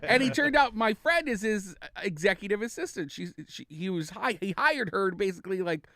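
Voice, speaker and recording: A young adult man telling a story on a podcast, animated and acting out the people he quotes. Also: high-pitched, fairly quick, no echo, studio quality. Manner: animated, acts out quoted voices. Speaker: guest comedian.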